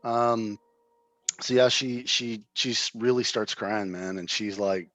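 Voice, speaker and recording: A man running a tabletop game as game master, narrating in a relaxed way with many fillers. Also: lowish voice, slow pace, slight background noise.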